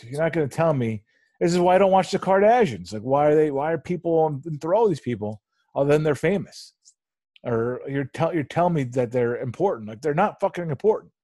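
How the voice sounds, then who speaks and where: Husky-voiced man swearing bluntly. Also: fairly high pitch, warm tone, dry recording. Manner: profane, blunt. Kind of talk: casual chat.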